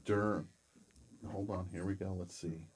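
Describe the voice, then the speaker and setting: A man hosting a casual comedy chat show, deadpan and joking, with bursts of loud laughter. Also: low-pitched, unhurried, husky. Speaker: host.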